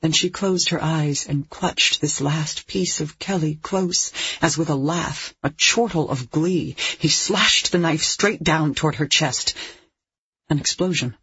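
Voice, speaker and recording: An audiobook narrator reading a dark thriller in a measured, tense way. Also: medium pitch, husky, no echo. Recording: dull lo-fi recording.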